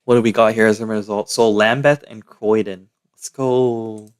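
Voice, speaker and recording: A man's voice: fairly low pitch, fairly even intonation, moderate pace, smooth. A young man from Canada, chatting casually and slangily to his live-stream chat.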